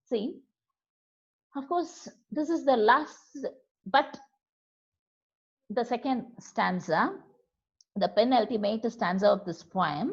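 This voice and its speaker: A woman teaching a poetry lesson online in Tamil-influenced Indian English, explaining slowly and repeating key words. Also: fairly high pitch, animated, muffled recording.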